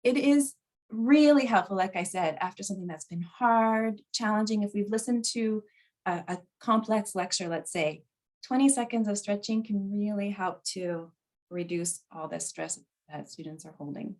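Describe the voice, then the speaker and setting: A woman's voice: mid-range voice, normal speed, darkish tone. Upbeat woman presenting a workshop. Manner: upbeat, laughs often.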